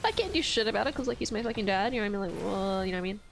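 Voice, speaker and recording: A woman's voice: medium pitch, animated, racing, gravelly, slight background noise, poor audio. A young woman streamer venting in casual chat to her viewers, swearing often and stumbling over her words. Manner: ranting, frequent swearing and restarts.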